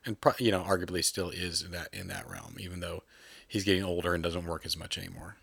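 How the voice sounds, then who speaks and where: Low-voiced man in rambling film chat. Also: quick pace, creaky, breathy edge, no room sound. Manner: animated, rambling, acts out voices in anecdotes. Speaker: podcast co-host.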